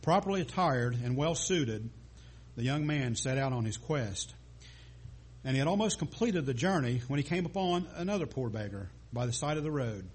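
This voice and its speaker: A man's voice: mid-range voice, slightly rough. A man preaching a sermon, telling a story with small stumbles and restarts.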